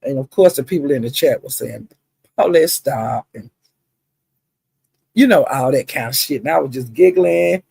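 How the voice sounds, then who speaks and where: A woman with a husky, gravelly voice tells a gossip story in a casual livestream chat. She talks in an animated, chatty way, full of asides and the odd curse word. The sound is close and dry, with no room around it. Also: extremely low pitch, normal speed, pauses often, no echo. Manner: chatty, animated retelling with frequent asides and cussing. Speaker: livestream host.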